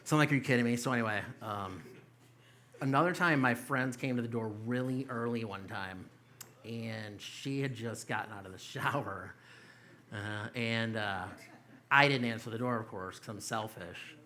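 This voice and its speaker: Young male stand-up comic, bright tone, crude loose storytelling, club stage. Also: medium pitch, normal speed. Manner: loose, profane storytelling with mocking quoted voices. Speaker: stand-up comedian. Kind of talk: stand-up set. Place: small comedy club stage.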